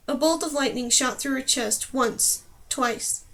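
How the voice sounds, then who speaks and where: A woman reads a fantasy novel aloud as an audiobook, telling it expressively. Her voice sits high and clear. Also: unhurried, fairly bright tone. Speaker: audiobook narrator. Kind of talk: audiobook narration.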